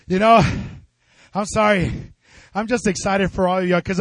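Fervent high-voiced male preacher. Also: fairly even intonation, moderate pace, a bit bright. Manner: fervent, call-and-response with congregation. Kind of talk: sermon. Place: church.

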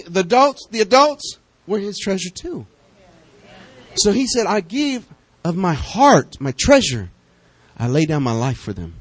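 A man preaching a sermon, talking straight to his congregation and bouncing between calm teaching and excited bursts. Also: husky, dry recording, low-quality recording. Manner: lively, talks to the congregation directly; pitch jumps up high when excited.

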